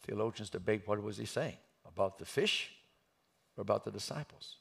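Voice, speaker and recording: A man preaching a sermon, acting out a story and swinging from hushed tones to loud outbursts. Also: lowish voice, moderate pace. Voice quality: gravelly, husky.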